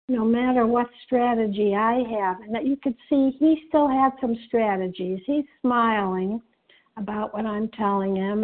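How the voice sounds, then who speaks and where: A woman giving an earnest personal share at a recovery meeting, pausing often with fillers. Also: on the high side. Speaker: meeting member sharing. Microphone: phone conference call. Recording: tinny phone line.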